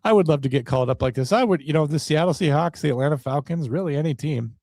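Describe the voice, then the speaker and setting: A man's voice: fairly high pitch, fast talker, a little mellow, dry recording, studio quality. A man hosting a solo podcast, rambling in a wry, self-deprecating way. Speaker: podcast host.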